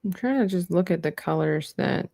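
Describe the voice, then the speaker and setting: A young woman talks as she paints, chatty and rambling, often trailing off. Her voice sits fairly low, and the recording is close and dry with no room sound. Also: animated, normal speed, dark tone, no room sound. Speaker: livestreaming artist. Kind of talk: casual chat while painting.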